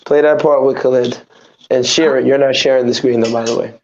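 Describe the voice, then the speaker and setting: A man hosting a podcast in casual chat, giving quick, playful instructions in a gravelly, husky voice. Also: medium pitch, steady tone, crowd noise. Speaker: podcast host. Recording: dull lo-fi audio.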